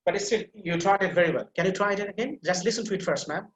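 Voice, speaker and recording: A man teaching English pronunciation in an online class, patiently repeating words slowly so a student can copy them. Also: high-pitched, fairly bright tone. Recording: echoey room with faint noise.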